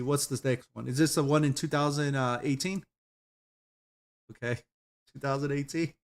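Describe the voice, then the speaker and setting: A man with a slightly high voice chats on a stream while he browses videos. He giggles often and rambles in a loose, profane way. His talk comes in casual bursts. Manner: giggly, laughs often at what he watches.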